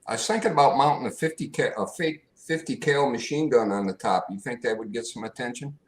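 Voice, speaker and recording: A man's voice: medium pitch, a little fast, low-quality recording. A man hosting a casual chat who talks in an easygoing way and laughs often. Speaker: host.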